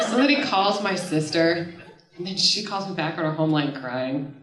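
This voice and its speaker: A woman in her thirties telling a personal story on stage at a live event, casual and animated, often laughing and swearing as she goes. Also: low-pitched, moderate pace, over a noisy crowd. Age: 30s. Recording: echoey room, voice from far off the mic.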